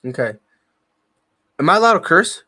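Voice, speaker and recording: A man's voice: fairly high pitch, sing-song, normal speed, sharp tone. A man co-hosting a sports betting show, ranting heatedly and cursing about wrestling drama. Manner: profane, fired-up ranting. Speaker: co-host. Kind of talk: heated podcast rant.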